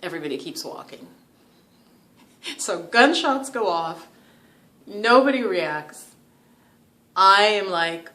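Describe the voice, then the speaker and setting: A woman's voice: on the low side, a little slow, pauses often. Chatty New woman telling a story. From New York. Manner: chatty, animated, laughs often, many "like" fillers. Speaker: yoga and meditation vlogger. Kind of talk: casual storytelling to camera.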